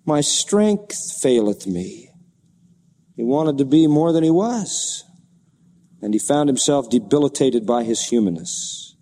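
A man's voice: fairly high pitch, dark tone, in a large hall. A man preaching an expository sermon, reading scripture dramatically and asking the congregation rhetorical questions.

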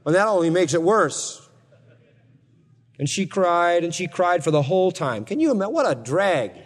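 Very animated and high-pitched, this pastor moves at a normal speed as he works through a Bible passage. His telling is wry and chatty, with side comments to the congregation, all heard through long hall reverb.

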